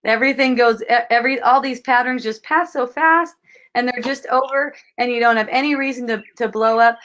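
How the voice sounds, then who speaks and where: Brief: woman spiritual teacher, gentle and repetitive delivery, slightly high voice, dull lo-fi call sound. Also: fairly even intonation, a little fast. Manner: soft, repetitive, frequently asks "see?". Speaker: spiritual teacher hosting a dialogue. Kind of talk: gentle spiritual guidance talk. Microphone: video call.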